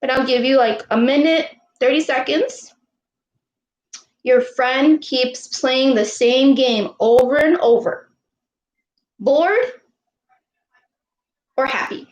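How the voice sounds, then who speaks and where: A high-voiced woman coach leads a live online lesson for girls. She talks slowly and patiently, repeating her questions and cheering the kids on. The room around her is echoey. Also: darkish tone, lo-fi sound. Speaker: youth sports coach.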